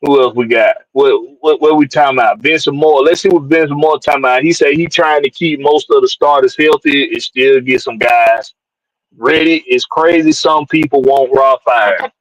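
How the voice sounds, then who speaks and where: A man's voice: fairly high pitch, no room sound, poor audio. A man from hosts a casual live-stream sports show, loose and jokey, reading out viewers and tossing in "man" all the time. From Georgia, USA. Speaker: podcast host.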